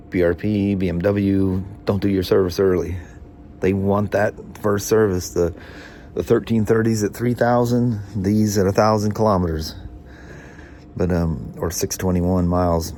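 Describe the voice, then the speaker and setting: In a workshop vlog, a motorcycle mechanic chats casually, rambling with restarts and small chuckles. He has a nasal, hay-fever voice that is fairly low and a little mellow, with slight background noise.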